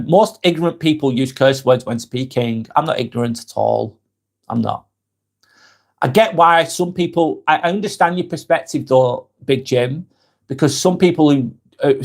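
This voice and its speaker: A man's voice: mid-range voice, darkish tone. A man hosting a live stream, reading viewer comments aloud and answering them in a frank, rambling way, swearing casually as he talks.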